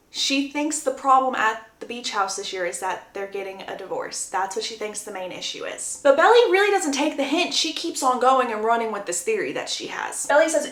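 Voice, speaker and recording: A woman's voice: high-pitched, a bit bright. Chatty young woman, dramatic recap. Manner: chatty, dramatic, playful asides. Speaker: book recap creator. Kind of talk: casual storytelling recap. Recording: roomy echo.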